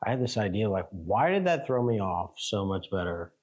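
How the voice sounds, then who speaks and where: An American man, a travel vlogger, telling a rambling, animated story in casual chat. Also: lowish voice, normal speed. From United States.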